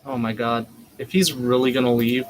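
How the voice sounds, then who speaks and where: A man co-hosting a live wrestling watch-along, reacting emotionally and excitedly as events unfold on screen. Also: medium pitch, moderate pace, slight background noise. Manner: excitable, reacts loudly and swears; anxious, emotional live commentary.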